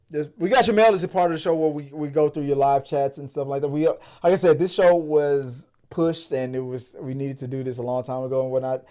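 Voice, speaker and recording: A man hosting a casual movie podcast, talking in a rambling, profane and animated way. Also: medium pitch. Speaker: podcast host. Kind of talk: casual chat.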